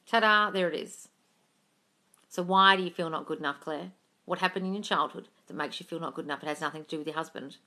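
A woman's voice: low voice, fast talker, bright, forceful tone. A woman answering viewer questions on a casual phone livestream from home. She reads comments aloud, swears freely and calls everyone darling. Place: at home with her cat.

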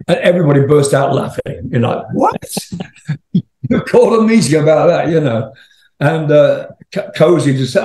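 A man's voice: fairly high pitch, moderate pace, dark tone, roomy sound. Older man telling rambling rock anecdotes. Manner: rambling, laughing, swearing anecdotes. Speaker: interview guest, rock singer. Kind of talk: casual storytelling.

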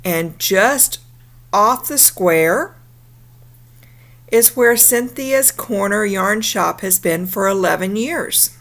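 A woman, chatting upbeat in a casual travel vlog, her voice a little rough from the morning. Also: mid-range voice, takes it slowly, fairly bright tone. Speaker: vlogger.

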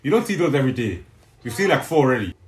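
Lively young man reacting in an echoey room. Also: mid-range voice, very fast. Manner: excitable, reacting out loud, slangy. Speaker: reaction channel host. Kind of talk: casual group reaction chat.

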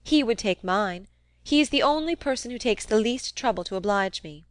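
A woman's voice: fairly high pitch, lively intonation, moderate pace, dry recording, close to an everyday voice. Woman playing a dry, blunt young woman.

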